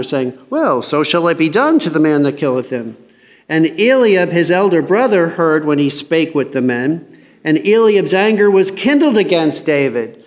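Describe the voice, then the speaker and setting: A man teaching a Bible passage in a casual sermon, reading scripture aloud and commenting in a chatty, joking way. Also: fairly high pitch.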